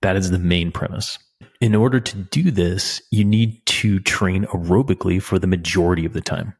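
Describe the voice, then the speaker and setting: A middle-aged man, a cycling coach, answering a listener question in a relaxed, explanatory podcast chat. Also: low-pitched, normal speed, husky. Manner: relaxed, explanatory, frequent restarts and small laughs.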